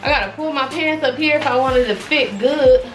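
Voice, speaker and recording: A young woman talks casually to her viewers while trying on clothes. Her voice sits a little high and stays expressive, full of exclamations. Faint music plays in the background. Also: normal speed, rough recording. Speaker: fashion vlogger. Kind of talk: casual try-on haul chat.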